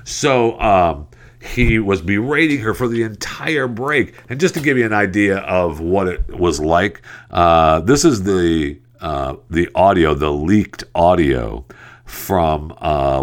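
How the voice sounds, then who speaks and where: A man's voice: sits low, expressive, takes it slowly. A male show host giving casual commentary and reading news headlines, chatty and given to laughing at his own stories.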